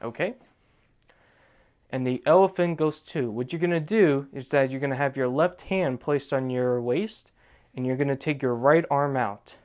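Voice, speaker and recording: A man's voice: mid-range voice, a little mellow. A young man hosting a dance tutorial, giving step-by-step instructions and checking in with "okay?" after each move. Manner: repeats "okay?" to check in, counts out moves slowly.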